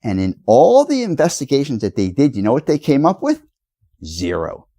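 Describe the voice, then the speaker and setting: A man's voice: medium pitch, huge pitch swings, normal speed, dark tone. A man ranting straight to his viewers in a rambling, accusatory, lecturing way. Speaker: video blogger. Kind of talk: rambling direct-to-camera rant.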